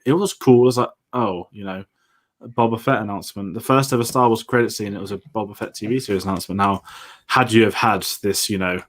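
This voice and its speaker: A man's voice: on the low side, fast talker. A man co-hosting a film discussion show, talking in a chatty, rambling way with lots of fillers. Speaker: podcast co-host.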